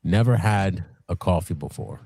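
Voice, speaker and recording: A man's voice: normal speed, creaky, husky, dry recording. A middle-aged man in casual, profane chat as co-host of a live stream, rambling and laughing often. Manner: rambling, animated, laughs often, acts out high voices in stories. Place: home workshop. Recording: dry room with faint music.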